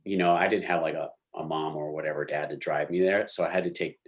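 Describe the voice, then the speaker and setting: A young adult man, an actor guest, telling lively stories in a casual interview and acting out what people said. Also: extremely low pitch, fast. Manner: animated storyteller, slangy, acts out quotes.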